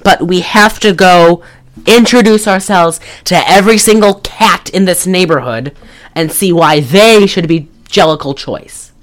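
A woman's voice: fairly low pitch, measured pace. A woman co-hosting a podcast in casual chat, blunt and exasperated, rambling with many restarts. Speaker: podcast co-host.

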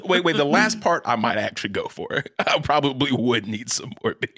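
A man's voice: medium pitch, animated, normal speed, a bit bright, husky, dry recording, studio quality. A man co-hosting a casual anime podcast, laid-back, swearing and laughing often. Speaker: podcast co-host.

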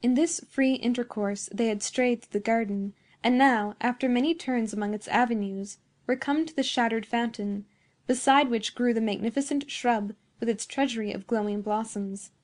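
Woman reading an old story out loud, kinda high voice, steady and expressive. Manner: measured, expressive reading of old-fashioned prose. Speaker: narrator. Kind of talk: scripted narration.

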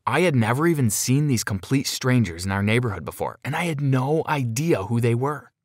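A man narrating a first-person story in an expressive, dramatic way. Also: medium pitch, brisk, no room sound, clean studio sound.

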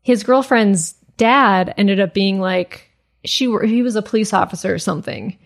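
A woman's voice: medium pitch, normal speed, vocal fry. Chatty woman telling a story. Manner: chatty, many "like" fillers. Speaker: podcast co-host. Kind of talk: casual storytelling chat.

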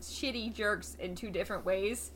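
A woman co-hosting a podcast, chatting casually and recapping a TV episode, quick and wry, acting out lines she quotes. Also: medium pitch, a bit bright, a little hiss or hum. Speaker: podcast co-host.

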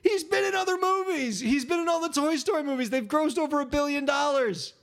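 Incredulous high-pitched podcast host. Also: male voice, fairly quick, gravelly, fairly bright tone. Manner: incredulous, exasperated reactions. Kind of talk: comedic podcast banter.

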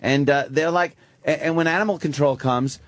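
A man co-hosts a casual podcast with a blunt, crude, joking manner. His voice sits a bit high for a man and sounds close and dry, with no room around it. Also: normal speed, dry recording. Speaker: co-host.

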